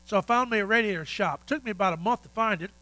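An older man, a pastor, telling folksy stories in a sermon with animated, repetitive phrasing. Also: high-pitched, rapid-fire, no echo, poor audio. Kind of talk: sermon storytelling.

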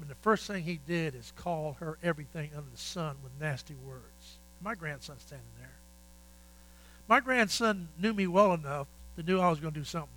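An older man, a pastor, telling folksy stories in a sermon with animated, repetitive phrasing. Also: high-pitched, poor audio. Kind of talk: sermon storytelling.

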